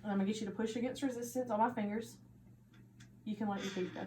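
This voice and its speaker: A woman who is a nursing student, narrating a physical assessment step by step with steady, instructive directions. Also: medium pitch, fast, slight background noise. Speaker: nursing student performing an exam. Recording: echoey room with faint ambience.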